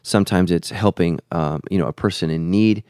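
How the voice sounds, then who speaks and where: A man's voice: sits low, fairly quick, a little mellow, dry recording, studio quality. A man who is a pastor and podcast host, teaching in an earnest, preacherly way and repeating phrases for emphasis.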